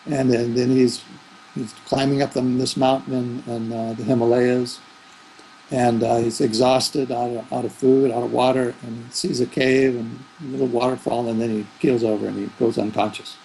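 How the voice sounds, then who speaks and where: A man speaks as a spiritual teacher in an interview, musing in a loose, rambling way with restarts. His mid-pitched voice has a gravelly fry, and faint noise sits underneath. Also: little pitch movement, normal speed, mellow, rough recording. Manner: rambling, thoughtful, with fillers and restarts. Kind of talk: reflective interview answers.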